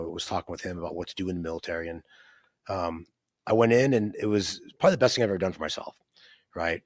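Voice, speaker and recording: Fast-talking deep-voiced man telling his story. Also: fairly bright tone, dry recording, studio quality. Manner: rambling, many fillers and restarts, frequent "right?". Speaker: interview guest, entrepreneur. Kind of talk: conversational storytelling.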